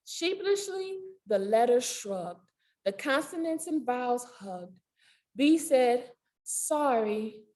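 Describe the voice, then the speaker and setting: A woman reading a picture book aloud at a library storytime, animated and sing-song, with playful animal sound effects. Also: a little high. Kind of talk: children's storytime read-aloud. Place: public library.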